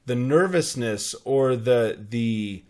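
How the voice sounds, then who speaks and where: A man in his forties hosting a podcast, giving an energetic motivational talk with anecdotes and frequent restarts. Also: medium pitch, takes it slowly. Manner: energetic, repeats words and restarts, tells anecdotes. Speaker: podcast host.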